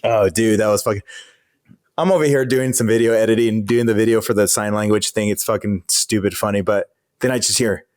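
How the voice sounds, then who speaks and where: A man's voice: fairly low pitch, steady tone, a little fast, a little mellow. A man co-hosting a podcast, teasing his co-host and swearing in casual chat. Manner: laughs often, teasing, profane.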